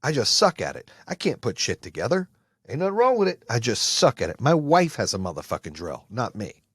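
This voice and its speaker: A man hosting a podcast, giving an intense, profane motivational monologue with shouting bursts. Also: lowish voice, very animated, a little fast, breathy edge, no room sound, clean studio sound. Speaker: podcast host.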